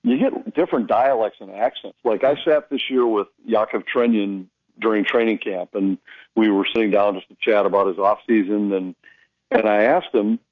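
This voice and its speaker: A man who works as a hockey play-by-play broadcaster, telling stories in a casual radio chat and getting animated when he quotes people. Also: lowish voice, moderate pace, no echo, narrow, tinny audio.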